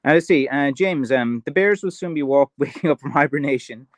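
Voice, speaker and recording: A middle-aged Irish man who makes sticks hosts a casual livestream in a dry recording, his mid-range voice moving a little fast. He rambles with plenty of filler and answers comments from viewers.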